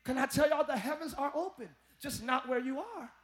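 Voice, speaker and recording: A male pastor preaching a live sermon to his congregation, folksy and talking to them as y'all, with quiet asides that break into shouted peaks. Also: very high voice, a little fast, a little hiss or hum. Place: large church.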